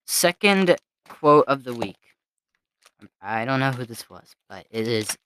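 A man's voice: mid-range voice, lively intonation, unhurried, a bit bright, clear, resonant tone. A young man co-hosting a podcast in casual chat, teasing his brother with jokey banter. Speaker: podcast co-host.

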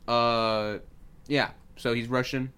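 A man's voice: medium pitch, level tone, sharp tone, slight background noise. A man hosting a casual comedy podcast, rambling through a made-up film plot and briefly acting out its characters. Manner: rambling storyteller who acts out characters in quick bits. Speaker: podcast host.

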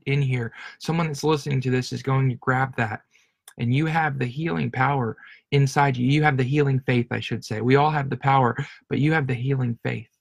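A man preaching with earnest feeling, circling back over his words and repeating phrases for emphasis. His voice sits at an ordinary middle pitch. The sound is close and dry, with no room echo. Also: vocal fry, breathy edge. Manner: earnest, repetitive, stumbling restarts. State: emotional. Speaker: pastor. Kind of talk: sermon.

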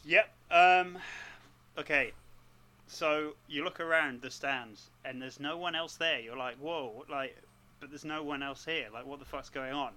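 Bright, lively man telling a story. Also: fairly high pitch, unhurried. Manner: animated storytelling with swearing. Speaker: podcast co-host and player. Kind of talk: casual chat.

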